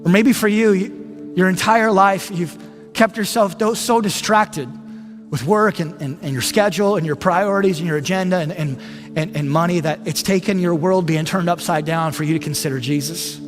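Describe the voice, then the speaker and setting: An earnest male pastor with a high voice preaches and prays, stumbling over and repeating words as he speaks. His voice rings with a long reverb, and music plays clearly underneath. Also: normal speed. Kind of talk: sermon with closing prayer.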